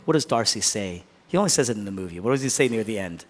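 A man preaching a sermon as pastor, swinging between loud declarations and hushed near-whispers. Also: on the low side, lively intonation, fast, slight background noise. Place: church hall. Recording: hall reverb.

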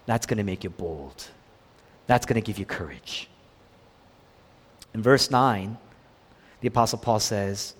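A man's voice: lowish voice, animated, measured pace, long pauses, breathy edge. Dynamic preaching man in a reverberant hall. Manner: dynamic preaching, swinging from loud emphasis to hushed quiet. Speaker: pastor. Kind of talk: sermon.

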